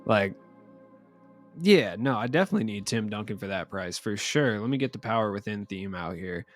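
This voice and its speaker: A man's voice: on the low side, lively intonation, moderate pace, faint music behind. A young man giving casual, rambling commentary over a video game, joking and trailing off into asides. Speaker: gaming YouTuber.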